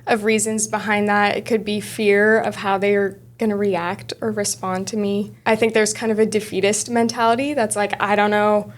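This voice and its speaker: A woman's voice: mid-range voice, flat delivery, moderate pace, few pauses. A young woman hosting an interview, asking reflective questions in a conversational way. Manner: thoughtful, self-reflective questioning. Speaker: podcast host.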